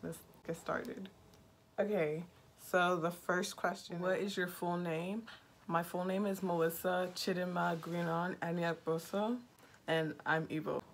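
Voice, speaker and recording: A woman in her twenties from Nigeria, talking casually in a get-to-know-me vlog with a slow, monotone, dry sarcastic delivery. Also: lowish voice, slight background noise. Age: 20s. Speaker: vlogger.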